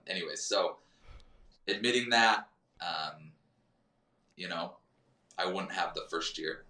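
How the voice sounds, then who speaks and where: Deep-voiced man talking from off the mic. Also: sharp tone, distant mic. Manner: rambling and reflective, full of fillers. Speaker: podcast guest. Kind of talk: candid conversational chat. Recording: roomy sound from off the mic.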